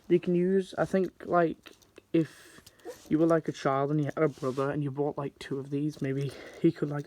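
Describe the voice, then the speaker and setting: A man's voice: on the high side, mellow. A man giving a casual, chatty toy review. He rambles a little and uses a lot of filler likes.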